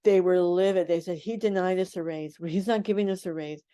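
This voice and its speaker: Older woman, radio guest, lowish voice, animated storyteller who voices the people in her stories. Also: brisk, smooth. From United States. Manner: animated storyteller acting out quotes.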